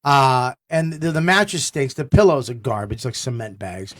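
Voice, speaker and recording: A middle-aged man, a comedian telling stories on a talk show, excitable and swearing a lot. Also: medium pitch, moderate pace. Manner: excitable, swears a lot, shouts in quoted outbursts. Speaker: guest comedian. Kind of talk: animated storytelling chat.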